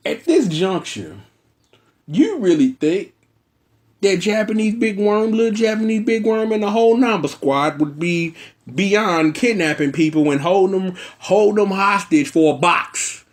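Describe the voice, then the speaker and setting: A man's voice: high-pitched, animated, measured pace. A man hosting a casual, brash and slangy episode review, riffing at length. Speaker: show reviewer host.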